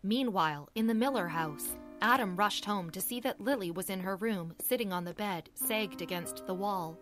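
A woman reading narration for a romance audiobook in a steady storytelling manner. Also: medium pitch, normal speed, faint music behind.

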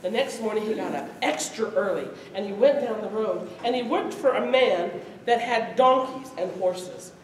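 A woman storyteller telling a folk tale to a live audience, lively and often laughing as she acts it out, in a festival hall. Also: mid-range voice, moderate pace, few pauses, a little hiss or hum. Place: event hall at a medieval arts festival. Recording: echoey hall from far off.

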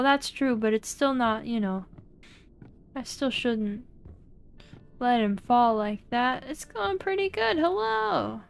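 A woman's voice: a little high, smooth. A young woman streaming a horror game, chatting playfully and breaking into mock-dramatic outbursts.

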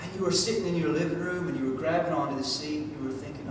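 A man from Georgia preaching a sermon, telling a story with drama, swinging from loud to hushed. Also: steady tone, rapid-fire. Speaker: pastor. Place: church sanctuary. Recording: echoey church hall from far off, faint rumble.

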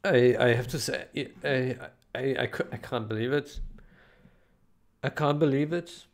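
Gravelly man stammering with joy. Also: medium pitch. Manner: halting, repeats himself, overwhelmed with joy. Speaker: game modding developer. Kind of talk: casual emotional vlog recording.

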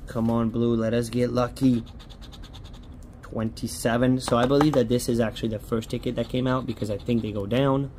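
Casual male vlogger, mid-pitched, hopeful chatter with faint background hiss. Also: little pitch movement, normal speed, darkish tone. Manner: chatty, hopeful, pleads with the ticket. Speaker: scratch-off lottery vlogger. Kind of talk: casual running commentary.

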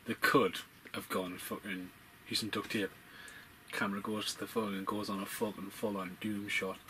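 Profane, rambling man, low voice. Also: little pitch movement, normal speed, pushed and bright, a little hiss or hum, low-quality recording. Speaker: film commentary podcaster. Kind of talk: casual movie commentary.

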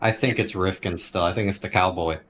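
A man's voice: deep voice, fairly even intonation, brisk, a crowd in the background. A man talking through who the culprit is with friends during an online game. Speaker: game player. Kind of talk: casual group chat during a game.

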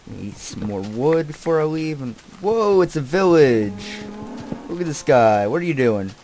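Excitable, distracted young man gaming. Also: mid-range voice, slight background noise. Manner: distracted, excitable, swears, shouts at game characters. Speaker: gameplay commentator. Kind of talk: casual game commentary.

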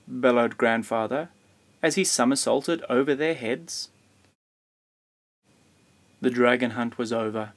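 A man reading a children's picture book aloud in a gentle, measured storytelling voice. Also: medium pitch, gravelly. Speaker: storybook reader.

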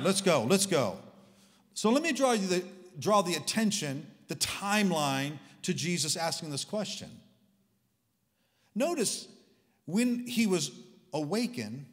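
A man preaching a sermon in a church, talking in an animated, conversational and humorous way with sarcastic asides. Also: on the high side, in a large hall. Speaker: guest preacher. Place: large church hall.

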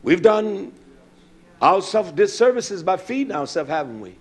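A man with a high voice preaching a fiery sermon. He drops to low mutters, then climbs into loud, impassioned outbursts. His delivery is full of emphatic repetition. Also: very animated, unhurried, breathy edge. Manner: impassioned, shifts between low mutters and shouts; acts out bickering voices in his stories.

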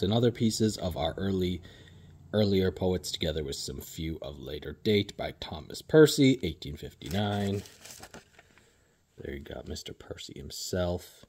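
A man selling books, casually showing off his newest purchases on video in a relaxed, unhurried way with frequent ums. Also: sits low, breathy edge.

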